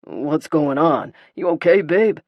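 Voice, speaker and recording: A woman doing a low, growly young man. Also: takes it slowly, no echo, muffled recording. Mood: protective.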